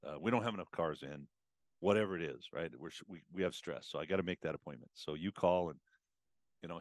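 Low-voiced guy chatting on a podcast, acts out little customer talks, dry close sound. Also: fast talker, dry recording. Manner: animated, acts out customer and advisor exchanges. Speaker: automotive business consultant guest. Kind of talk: conversational podcast advice.

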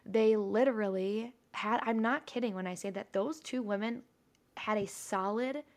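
A woman's voice: medium pitch, normal speed, darkish tone. A young woman co-hosting a podcast, chatting casually and telling a story with lots of swearing. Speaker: podcast co-host. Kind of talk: casual chat.

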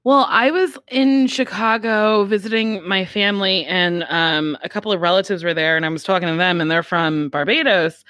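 A woman's voice: medium pitch, steady tone, moderate pace, hardly any pauses, fairly bright tone, no echo, studio quality. A woman comedian, a guest on a chat podcast, talking bluntly, swearing freely and acting out other people's lines. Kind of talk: casual chat.

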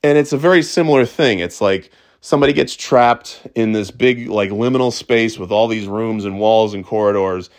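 A middle-aged man talking casually as a podcast host, excitable and stumbling over restarts, swearing freely. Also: lowish voice, moderate pace, few pauses. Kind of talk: casual monologue.

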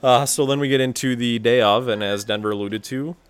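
A man's voice: mid-range voice, fairly quick, clean tone. A man co-hosting a podcast, giving short replies and dry wisecracks. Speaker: podcast co-host. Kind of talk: casual podcast chat.

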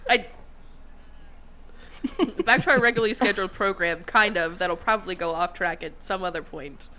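A woman's voice: medium pitch, normal speed, bright, forceful tone. A woman hosting a podcast, easygoing in casual chat and laughing often. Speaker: podcast host.

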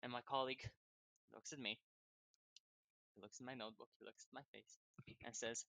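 A young man with a bright, forceful voice rambles through a casual vlog, cursing nearly every sentence and laughing as he drifts from one tangent to the next. The sound is dry and close, with no room echo. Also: mid-range voice, steady tone, a little fast, creaky, pauses often. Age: young adult. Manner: swears constantly, digressive, laughs often. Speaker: vlogger. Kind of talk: rambling personal monologue.

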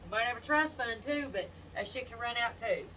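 A woman's voice: fairly high pitch, brisk. A woman in casual chat, telling dating stories bluntly and animatedly, with lots of swearing. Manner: blunt, profane, animated storytelling. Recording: distant mic with faint noise.

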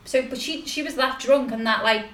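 A young woman with a high, bright-sounding voice tells stories in a casual chat, laughing as she goes. The sound is roomy and echoey, with clear noise behind her. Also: moderate pace. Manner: animated storytelling, laughs often. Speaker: podcast guest.

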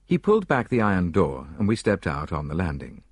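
Low husky male audiobook narrator. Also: wildly swooping pitch, a little fast, dry recording, studio quality.

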